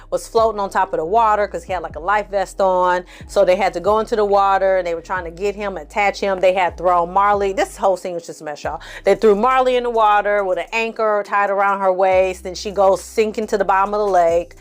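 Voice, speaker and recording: A woman's voice: medium pitch, fairly even intonation, fairly quick, faint music behind. A woman host giving a casual, blunt movie recap, full of swearing and exasperated asides, acting out the characters' lines. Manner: blunt, profane, exasperated storytelling with acted-out quotes. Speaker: film review host.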